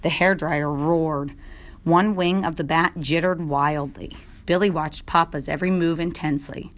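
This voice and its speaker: Give me a woman with a low voice narrating a children's story, steady and clear. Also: normal speed. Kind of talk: storybook reading.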